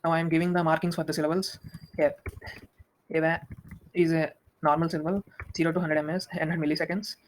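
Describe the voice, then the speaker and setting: A young man walking through a software demo, talking quickly with many restarts. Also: on the high side, poor audio. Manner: fast, flat, with frequent restarts and fillers. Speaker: student presenting a project demo.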